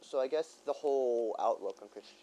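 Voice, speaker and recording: A man's voice: mid-range voice, normal speed, warm tone, a little hiss or hum, poor audio. A man co-hosting a casual podcast chat, telling rambling stories and laughing as he goes. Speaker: podcast co-host.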